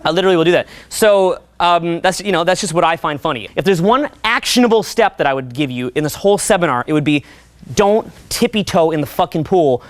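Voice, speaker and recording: A young man coaching a seminar audience in a profane, animated way, often acting out voices. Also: on the high side, brisk, no room sound. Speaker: dating coach. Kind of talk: seminar talk.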